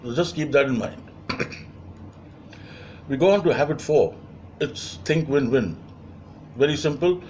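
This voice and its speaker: A man's voice: mid-range voice, a little mellow, slight background noise. A man lecturing as a leadership trainer, emphatic and repeating key phrases, with frequent fillers.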